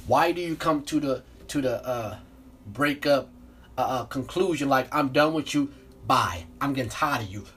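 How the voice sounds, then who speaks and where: A man's voice: fairly high pitch, a little hiss or hum. A man hosting a podcast, delivering a blunt, profane, repetitive rant about breakups. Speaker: podcast host. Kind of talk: unscripted relationship rant.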